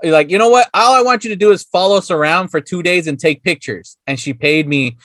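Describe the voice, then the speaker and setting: A man hosting a podcast, telling a story in a relaxed, casual way with easy swearing and frequent laughs. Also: high-pitched, brisk, dry recording, clean studio sound. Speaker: podcast host. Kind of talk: casual chat.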